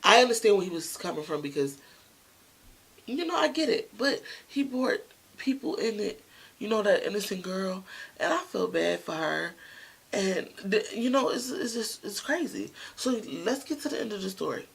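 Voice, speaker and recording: A storytime vlogger who chats casually and talks straight to the viewers. The voice is gravelly, with a husky edge to it. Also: mid-range voice, lively intonation, moderate pace, a bit bright, rough recording. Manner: chatty, speaks straight to viewers.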